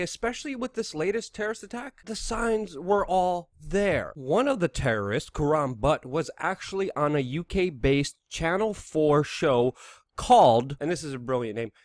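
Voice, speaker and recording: A young man hosts a news commentary vlog with sarcastic, indignant emphasis. His speech swings widely in pitch and sits a little high. The sound is dry and close. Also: dry recording. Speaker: host.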